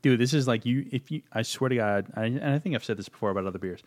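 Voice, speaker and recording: A man's voice: mid-range voice, quick pace. A man from Virginia co-hosting a casual beer tasting chat, joking and rambling, swearing casually. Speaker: beer review podcast co-host.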